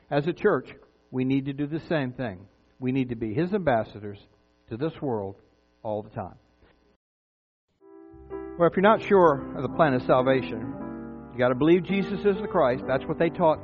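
Man preaching over a tinny line. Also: mid-range voice. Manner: earnest, conversational preaching with rhetorical questions. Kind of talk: sermon. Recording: tinny phone-like sound with mains hum.

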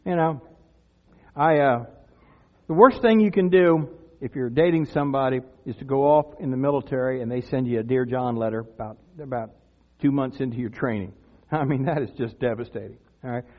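A man's voice: mid-range voice, a little fast. Older man, pastor, sermon, earnest, conversational, thin phone-like audio, long church reverb. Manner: earnest, conversational, swells loud when crying out. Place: church sanctuary.

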